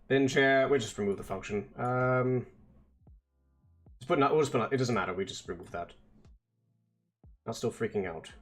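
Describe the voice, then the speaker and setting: Male streamer, mid pitch, casual and profane, talks to himself while coding, soft music underneath. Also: normal speed, long pauses. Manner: mutters to himself, swears, frustrated debugging; explains code step by step. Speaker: vtuber streamer.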